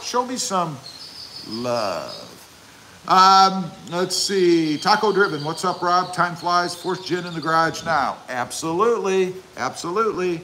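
Bright-voiced chatty man hosting a livestream. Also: on the high side, a little hiss or hum. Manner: chatty, self-promoting, jokey asides. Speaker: channel host reading live chat. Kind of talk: casual livestream chat.

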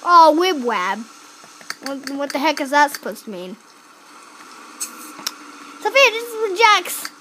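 A hyper, excitable child commenting on a life-sim game in a teasing, playful way. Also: high-pitched, slow, pauses often, slight background noise. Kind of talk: let's-play commentary.

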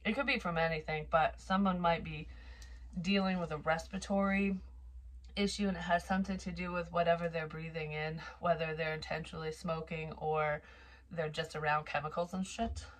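Casual low-voiced woman giving a psychic reading. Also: steady tone, normal speed. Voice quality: casual and profane, rambling. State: occasional cough, slightly wheezy. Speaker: psychic reader. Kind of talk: tarot reading monologue.

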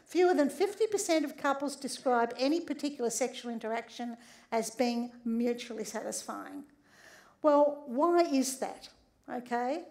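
High-voiced woman giving a lively talk. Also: moderate pace. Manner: lively storyteller, keeps checking in with "all right?". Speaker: sex therapist and doctor. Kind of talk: humorous public talk.

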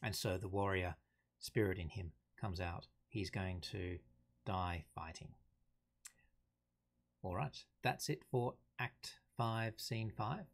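A man giving an unhurried, thoughtful lesson on a play, reading quotations aloud plainly. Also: deep voice, vocal fry. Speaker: teacher explaining a play. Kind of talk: casual explanatory lesson.

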